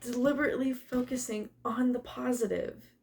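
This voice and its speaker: A woman's voice: fairly high pitch, steady tone, moderate pace, gravelly, darkish tone. A young woman doing a casual tarot and oracle card reading, emotional, laughing often and swearing now and then. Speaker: tarot reader.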